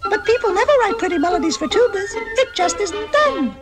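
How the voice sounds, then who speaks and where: A squeaky little piccolo. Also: male voice, animated, a little fast, music in the background. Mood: chirpy. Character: small chirpy piccolo, brisk and matter-of-fact. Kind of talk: children's storybook record.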